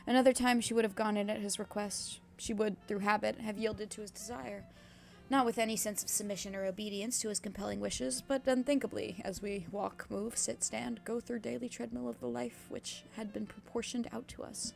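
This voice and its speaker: A woman's voice: medium pitch, steady tone, fairly quick, gravelly, darkish tone, soft background music. A young woman streaming herself reading a classic novel aloud, breaking off into cursing asides. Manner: reads steadily with sudden cursing asides.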